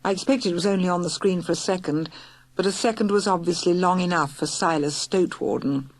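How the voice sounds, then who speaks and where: Lady reading a kids' story, lively, dry close mic. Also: fairly low pitch, brisk, dry recording. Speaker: audiobook reader. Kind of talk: storybook narration.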